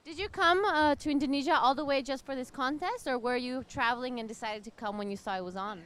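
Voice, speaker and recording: A woman interviewing a surfer on the beach with upbeat, brisk questions. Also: sits high, fairly bright tone, a little hiss or hum. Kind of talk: post-heat interview.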